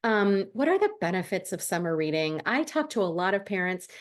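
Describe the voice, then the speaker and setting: A woman's voice: mid-range voice, sing-song, brisk. A woman who tutors reading, talking casually to camera with lots of ums and restarts. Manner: chatty, friendly, many ums and restarts. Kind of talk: casual advice talk to camera.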